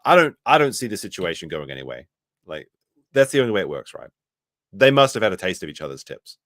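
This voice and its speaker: A man hosting a commentary stream, reacting sarcastically to a clip, jumping between loud outbursts and muttered asides. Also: low voice, sing-song, quick pace, dry recording, clean studio sound.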